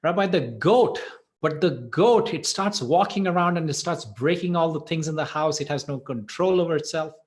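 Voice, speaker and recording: A man's voice: on the high side, normal speed, voice pushed up, natural voice. A man doing a distraught, pleading village father. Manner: pleading, raised and upset.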